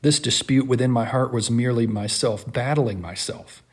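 A man giving an earnest, impassioned first-person reading of a classic text in a measured delivery. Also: mid-range voice, darkish tone, breathy edge.

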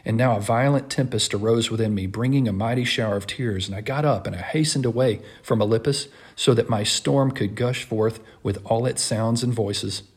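Husky-voiced man, earnest dramatic reading. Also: mid-range voice. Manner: earnest, impassioned, measured. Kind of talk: dramatic first-person reading of a classic text.

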